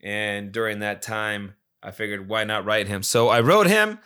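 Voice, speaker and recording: Man, non-native English accent, solo podcast monologue, swears a lot, repeats himself, bright voice. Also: on the low side, moderate pace, smooth. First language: not English. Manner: rambling, profane, many restarts and repetitions. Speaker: podcast host.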